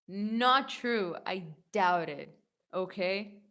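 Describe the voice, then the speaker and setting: A young woman in a casual Q&A video, reading viewer comments aloud and answering them in a chatty, rambling way, full of "like" and quick self-corrections. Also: mid-range voice, expressive, fairly bright tone. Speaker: YouTube singer answering fan questions.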